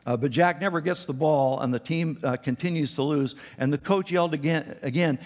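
A man's voice: brisk, hardly any pauses. Man preaching in an echoing hall. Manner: animated, acts out quotes with raised pitch and volume. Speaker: pastor. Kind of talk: sermon. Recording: long reverb in a large hall.

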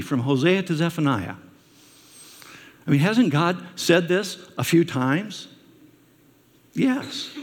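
A man preaches a sermon as a pastor, telling stories and posing rhetorical questions to his listeners. His voice is a little high, creaky and husky, with the long reverb of a large hall.

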